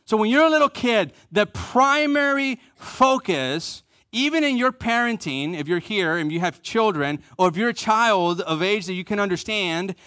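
A man's voice: sits high, bright, forceful tone, dry recording, clean studio sound. A man preaching a sermon, stressing key phrases by repeating them and asking the congregation to answer back. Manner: emphatic, repeats key phrases, leads the congregation in call and response. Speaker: pastor.

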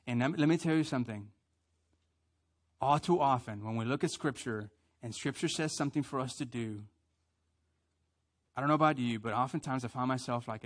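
A man preaching a sermon who leads his congregation in call and response and swings from quiet emphasis to loud prayers. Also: medium pitch, a little fast, pauses often. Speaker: pastor.

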